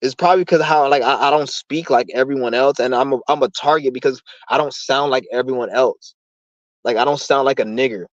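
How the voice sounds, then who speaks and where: A man's voice: medium pitch, fairly quick, no echo, highs cut off. A young man hosting his own channel, ranting in a heated, profane, rambling way. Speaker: channel host. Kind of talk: casual rant on a live stream.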